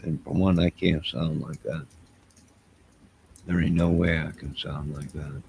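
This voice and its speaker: Gravelly, slow, deep-voiced man streaming. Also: fairly even intonation, darkish tone, a little hiss or hum. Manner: loose, defensive, talks straight to viewers. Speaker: live streamer talking to his chat. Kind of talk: rambling late-night live chat. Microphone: wearing headphones at a desk mic.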